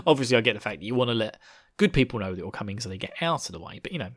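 Casual male podcast host, rambling and jokey, mid-pitched. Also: very animated, racing. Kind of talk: casual chapter recap.

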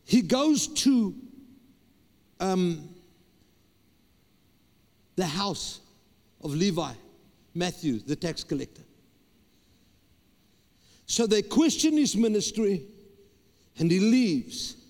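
A man's voice: sits high, big pitch swings, extremely slow, pauses often, darkish tone. A man, a pastor preaching a sermon with emphatic repetition and stammered restarts. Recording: long hall reverb.

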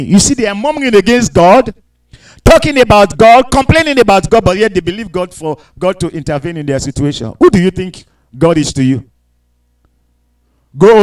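A man preaching a fervent sermon, reading scripture aloud and swinging between quiet talk and shouted verses while acting out voices. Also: sits high, lively intonation, moderate pace, rough recording. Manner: mock voices of people and God.

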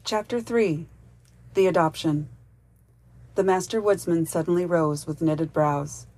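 A woman reading a children's fairy-tale audiobook aloud in a gentle, unhurried storybook narration. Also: fairly low pitch, fairly even intonation. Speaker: audiobook reader.

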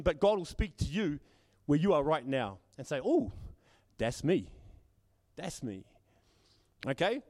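High-voiced male preacher in echoey hall. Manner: repeats words, acts out quoted voices. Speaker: pastor. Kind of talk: sermon. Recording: long hall reverb.

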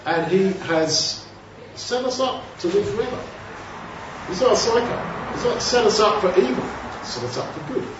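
Speaking at a normal speed in a high, lively voice, a man preaches conversationally, posing rhetorical questions and performing the voices he quotes. Background noise mixes with the dull sound of a distant mic in a heavily echoing hall.

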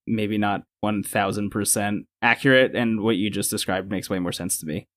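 A man's voice: lowish voice, normal speed. A man co-hosting a podcast, casually recapping a reality show and quoting its cast. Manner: relaxed storytelling, quoting others. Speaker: podcast co-host.

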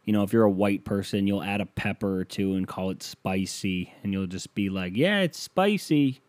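A man's voice: deep voice, monotone, a little fast, a little mellow, no echo. A man hosting a podcast, delivering a sarcastic, ranting comedic monologue and acting out the people he quotes. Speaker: podcast host.

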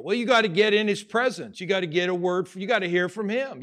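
A man preaching a sermon, conversational at times and rising to loud, emphatic stretches. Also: high voice, quick pace, few pauses. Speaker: pastor.

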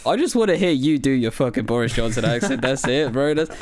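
A man's voice: medium pitch, fairly quick, noisy background. A young man co-hosting a podcast, telling stories in casual, sweary banter. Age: young adult. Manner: sweary, excitable storytelling. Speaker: podcast co-host.

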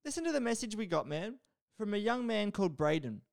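A man's voice: high-pitched, brisk, gravelly. A man hosting a podcast, chatting casually and reading out listener mail, joking and swearing a lot. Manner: profane, animated and joking. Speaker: podcast host.

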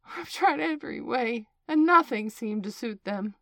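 A woman voicing a shrill, anxious female pigeon who shrieks and scolds with contempt. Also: sing-song, normal speed, no room sound. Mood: shrill, accusing.

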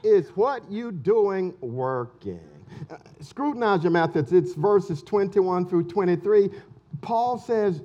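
A pastor preaches in an unhurried, emphatic way, circling back to repeat his key lines. His voice sits high for a man. The recording is muffled and dull. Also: expressive, darkish tone. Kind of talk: sermon.

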